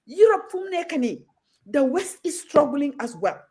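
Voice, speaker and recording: A woman's voice: high-pitched, big pitch swings, moderate pace, a little mellow. A Gambian woman talking as a guest on a talk show, outspoken and passionate, moving freely between Wolof and English.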